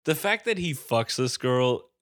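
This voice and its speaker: A man's voice: medium pitch, sing-song, measured pace, a bit bright. A man in casual chat, exasperated by a movie, swearing and laughing often.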